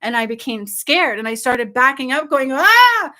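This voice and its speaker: Bright, excitable woman retelling a dream. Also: a little high, normal speed. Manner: excited, breathless storytelling with frequent "like" and "okay?". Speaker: spiritual channel host. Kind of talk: casual dream retelling to viewers.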